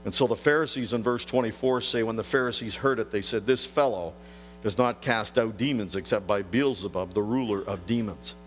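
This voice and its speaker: A man preaching a sermon, drawing out key phrases slowly for emphasis and lifting his voice as he builds each point. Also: fairly low pitch, slight background noise. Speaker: pastor.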